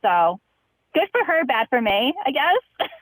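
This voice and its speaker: A woman's voice: high voice, big pitch swings, unhurried, dry recording, rough recording. Chipper young woman caller. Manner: chipper, laughs through a grim story. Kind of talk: phone-in storytelling.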